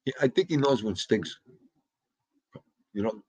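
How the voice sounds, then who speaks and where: Profane, rambling livestream host. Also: male voice, fairly low pitch, expressive, unhurried, a little mellow, breathy edge, rough recording. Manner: rambling, profane, joking banter. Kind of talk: casual livestream chat.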